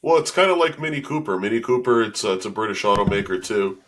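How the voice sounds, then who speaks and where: A man's voice: on the low side, expressive, fast, a bit bright. A man co-hosting a podcast, chatting casually about sports and cars, hedging with lots of fillers and restarts. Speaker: podcast co-host.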